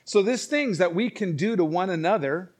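A male pastor preaches an emphatic sermon in a voice a bit higher than most men's. He drops to quiet asides and then rises to loud, forceful lines. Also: animated, moderate pace.

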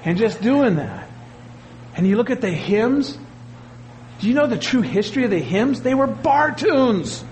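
A pastor preaching a sermon, animated, with his voice jumping up for emphasis and asides to the congregation. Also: high voice, moderate pace, long pauses, a little hiss or hum, poor audio.

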